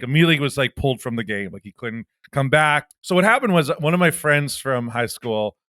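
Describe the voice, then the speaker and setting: A man's voice: mid-range voice, a bit bright, dry recording, studio quality. A young man co-hosting a podcast, telling a rambling story in casual chat with lots of fillers. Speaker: podcast co-host.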